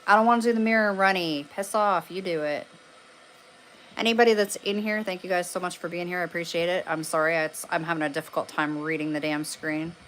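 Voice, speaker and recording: Canadian-raised woman, casual livestream host, low-ish voice, rambling and foul-mouthed, lots of fillers. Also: steady tone, brisk, fairly bright tone, slight background noise. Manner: rambling and profane, with many fillers. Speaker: paranormal livestreamer. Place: room at home lit by candles.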